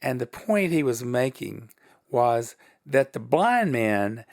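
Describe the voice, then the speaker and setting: Middle-aged man, Southern drawl, gravelly voice, lively storyteller, big pitch swings. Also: slow. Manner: animated, wide pitch swings, laughs as he talks. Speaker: guest, production company head. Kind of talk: storytelling interview.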